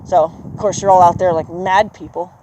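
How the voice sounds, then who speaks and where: A horse trainer coaching a student through a riding lesson in an outdoor arena. The trainer keeps praising the horse and explains things in a relaxed, chatty way. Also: medium pitch, moderate pace, slight background noise, low-quality recording. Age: adult with children. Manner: encouraging, praises the horse often.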